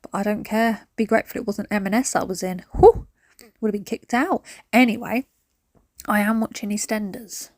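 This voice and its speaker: A woman's voice: mid-range voice, fairly even intonation, a little fast, no echo, clean studio sound. A woman, chatting through a cleaning vlog at home, rambling between stories and sudden whispered asides. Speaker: cleaning vlogger. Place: at home, indoors.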